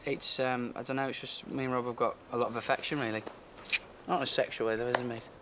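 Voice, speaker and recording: In a backstage room with a noisy background, a young man chats casually and earnestly about his best friend, whom he tours with. He talks fast in a mid-range voice with little pitch movement, and he acts out quotes as he tells his stories.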